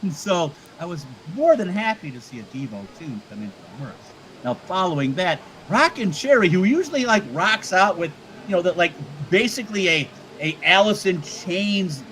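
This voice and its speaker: A man's voice: fairly high pitch, animated, normal speed, fairly bright tone, rough recording. A man co-hosting a casual livestream chat, rambling and joking with many stammered restarts. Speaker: co-host.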